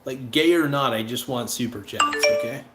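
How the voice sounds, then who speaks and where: Over loud music, a livestream host rambles and jokes with his viewers, tossing off remarks and launching into made-up sung rhymes. He speaks mid-range at a moderate pace; the room is echoey with faint ambient noise.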